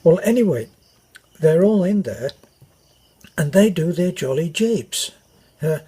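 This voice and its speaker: Older british guy rambling through a story, slow, breathy voice, lots of ums. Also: fairly high pitch, lively intonation, mellow. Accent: British English. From Britain. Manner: meandering, many fillers and restarts. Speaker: vlogger. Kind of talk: rambling anecdote.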